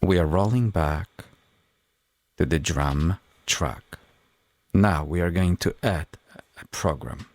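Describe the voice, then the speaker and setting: A man hosting a music production tutorial, explaining each step in a measured, methodical way. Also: deep voice, expressive, no echo, studio quality. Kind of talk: tutorial walkthrough.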